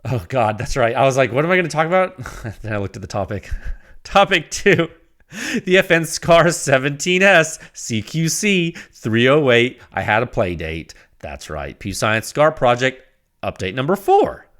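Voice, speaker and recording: A man hosting a casual solo podcast, rambling and animated, with frequent restarts, laughs and acted-out quoted exchanges. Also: medium pitch, measured pace. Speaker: podcast host.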